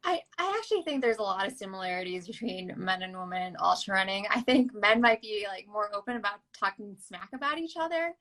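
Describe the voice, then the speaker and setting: An easygoing woman talks as a podcast guest in a relaxed, conversational flow. She leans on casual fillers and sounds open and friendly. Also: medium pitch, brisk, hardly any pauses, poor audio. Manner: easygoing and chatty, with frequent "like" fillers. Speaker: ultrarunner guest. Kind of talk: casual interview chat.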